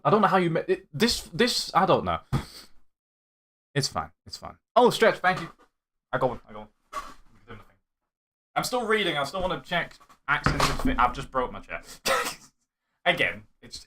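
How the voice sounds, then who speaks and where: A man's voice: a little high, very animated, moderate pace, bright, forceful tone, a little hiss or hum. A young man from Yorkshire with a light Yorkshire accent, chatting casually on a live stream, reading chat aloud and laughing often as he rambles. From Yorkshire, England. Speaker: livestream host.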